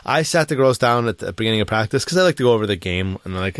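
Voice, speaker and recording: A man's voice: fairly low pitch, racing, hardly any pauses, dry recording, clean studio sound. A man who coaches girls' soccer, chatting casually and laughing as he tells stories about his team. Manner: laughing, animated storyteller. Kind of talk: casual chat.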